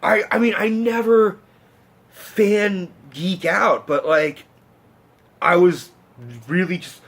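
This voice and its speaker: A man telling a long personal story in a casual vlog rant, rambling and excitable, swearing often and restarting his sentences. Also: high-pitched, slow pace. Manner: rambling, excitable, profane, many fillers and restarts. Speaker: vlogger.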